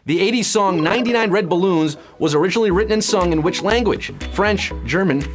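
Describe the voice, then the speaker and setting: A young man hosting a live trivia game show, reading questions with playful puns and big swoops in pitch. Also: fairly quick, faint music behind.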